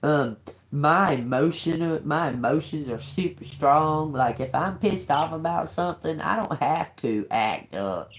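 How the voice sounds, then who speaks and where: A woman's voice: low voice, a little slow, a little hiss or hum. A woman hosting a tarot livestream, talking bluntly and telling a story with lots of swearing. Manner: blunt, profane, animated storytelling. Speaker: tarot reader livestream host. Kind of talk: casual livestream talk. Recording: echoey room.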